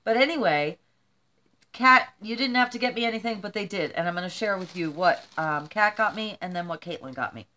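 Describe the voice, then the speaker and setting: A woman's voice: medium pitch, lively intonation, a little fast, bright, forceful tone. Older lady vlogger, rambly and emotional, a bit teary, just chatting to camera. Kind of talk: casual chat to camera.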